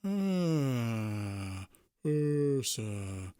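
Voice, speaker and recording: A man voicing a big, burly, friendly male troll shopkeeper who speaks slowly. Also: medium pitch, big pitch swings, warm tone, smooth, dry recording, studio quality. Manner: slow and friendly.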